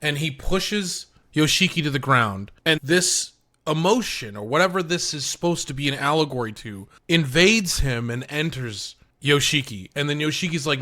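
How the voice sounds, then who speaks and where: A man's voice: on the high side, lively intonation, moderate pace, pushed and bright. A man co-hosting a podcast, making his case in an earnest, argumentative way. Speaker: podcast co-host. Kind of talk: casual discussion.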